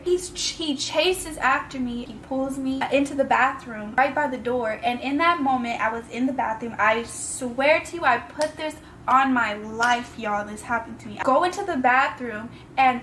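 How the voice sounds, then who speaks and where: Young woman vlogging, high voice, emotional storytelling, bit of background hiss. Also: fairly bright tone, low-quality recording. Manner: emotional, fast storytelling with casual slang. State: tearful at times. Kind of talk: storytime vlog.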